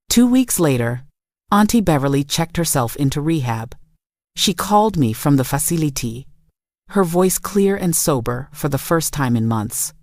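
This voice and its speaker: A woman with a low voice narrates a first-person family story in steady, reflective scripted narration. The recording is dry and close, with no room sound. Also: normal speed, dry recording.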